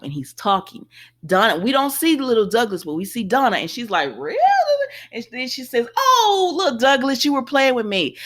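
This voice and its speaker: Lively woman recapping a soap. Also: lowish voice. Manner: animated, exclaims, paraphrases dialogue, addresses viewers as y'all. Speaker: soap opera recap host. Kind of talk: casual chat.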